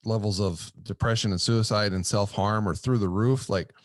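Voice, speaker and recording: A man's voice: fairly low pitch, fairly even intonation, dry recording, studio quality. A man hosting a podcast, enthusiastic and affirming as he responds to his guest. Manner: enthusiastic, affirming, talks in quick bursts. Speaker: podcast host. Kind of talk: conversational interview.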